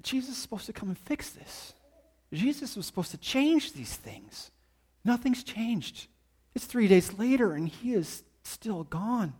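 A man's voice: sits high, sing-song, a little slow, darkish tone, slightly rough, voice pushed up, full character voice. A man voicing a hurt, disillusioned male disciple who speaks with bitter defiance. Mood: defiant.

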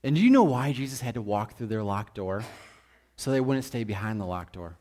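A man preaching a sermon in an animated, joking, conversational way. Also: lowish voice, a little fast.

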